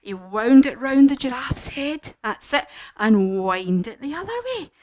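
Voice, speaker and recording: A woman leading a children's yoga lesson as a story, animated and encouraging. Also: high voice, a little slow, dry recording. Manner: animated, encouraging, sing-song. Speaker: kids yoga teacher.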